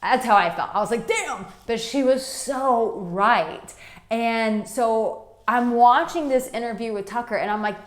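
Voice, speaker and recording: A woman's voice: on the high side, roomy sound. A woman who is a relationship coach, giving blunt, frank advice to camera in a casual vlog and swearing freely.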